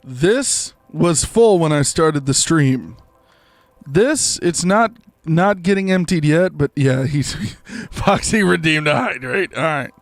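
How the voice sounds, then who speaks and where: Speaking slowly in a slightly high, animated voice, a young man rambles to his viewers as he streams a game, leaning on lots of fillers. The recording carries no room sound.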